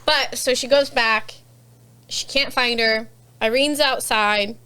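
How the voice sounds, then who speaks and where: A woman's voice: fairly high pitch, takes it slowly, bright, forceful tone, clear, resonant tone. A woman co-hosting a casual book podcast, recapping a novel's plot and acting out the characters' lines. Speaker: podcast co-host. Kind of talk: casual book club chat.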